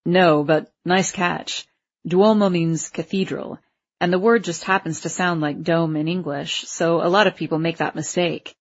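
A woman's voice: on the low side, steady tone, normal speed, dull audio, voice pushed down. A woman doing an easygoing grown father. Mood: explaining. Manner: informative, easygoing explaining. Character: friendly grown man, a father, tour guide.

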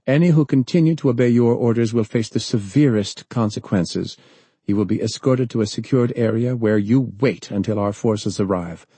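A man's voice: fairly low pitch, moderate pace, slightly rough, dry recording, pitched above the performer's own voice. A man reading aloud, voicing a cold, commanding woman official who speaks sharply and imperiously. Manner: sharp, imperious, rising to a shriek.

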